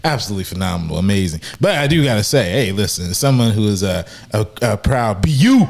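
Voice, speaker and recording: A man voicing a pompous graduate, halting and full of pauses. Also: lowish voice, big pitch swings, vocal fry, full character voice.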